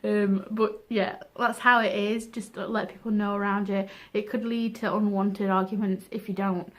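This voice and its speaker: A woman's voice: medium pitch, little pitch movement, normal speed. Frank, chatty young woman. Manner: chatty, frank, self-deprecating. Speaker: vlogger. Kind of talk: casual advice vlog.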